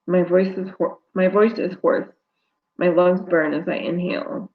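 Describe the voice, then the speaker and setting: A woman's voice: lowish voice, little pitch movement, unhurried, phone-quality sound. A woman author reading her novel aloud live, narrating steadily in first person.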